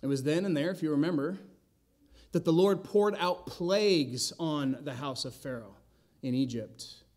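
Conversational pastor with wry asides. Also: male voice, medium pitch, a little mellow. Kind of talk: expository sermon. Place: church sanctuary.

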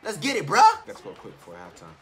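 A young man giving excited, slangy commentary over his own football video game, shouting and chanting at big plays and muttering low in between. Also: fast talker. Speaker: gaming YouTuber. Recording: game music behind the voice.

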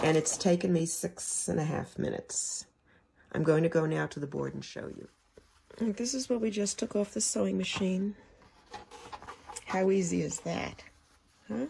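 A woman's voice: on the low side, moderate pace, creaky, long pauses, warm tone, breathy edge. A woman teaching quilting, chatting casually to viewers as she sews. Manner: chatty, talks to viewers while working. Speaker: quilting instructor. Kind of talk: casual sewing tutorial.

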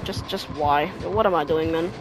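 A young adult gamer talks through a match in live commentary, reacting fast with sudden exclamations and bursts of laughter. Clear background music plays under the voice. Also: mid-range voice. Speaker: gaming video creator.

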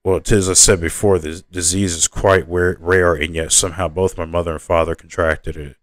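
A man's voice: deep voice, little pitch movement, moderate pace, dry recording, lightly acted. A man reading aloud and voicing a proud, condescending young princess who lectures the others in a lofty tone. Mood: haughty.

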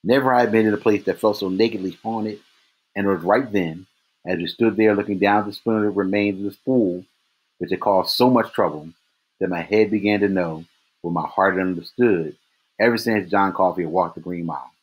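Low, husky man reading a novel. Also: a little fast. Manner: steady first-person narration. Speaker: reader.

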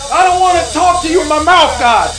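High-voiced man pleading in prayer. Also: fairly quick, far from the mic. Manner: pleading, repetitive prayer calls, rising to shouts. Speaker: preacher leading prayer. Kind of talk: impassioned prayer sermon. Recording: echoey room with music behind, off-mic.

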